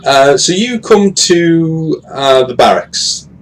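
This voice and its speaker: A man's voice: a little high, lively intonation, slow, poor audio. A man running a tabletop game as game master, narrating with frequent hesitations and fillers. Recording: faint ambient noise.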